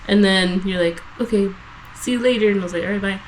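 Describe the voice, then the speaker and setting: A woman's voice: medium pitch, fast talker, slight background noise, low-quality recording. A woman casually telling a story on a podcast, swearing a lot and acting out quotes. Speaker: podcast co-host.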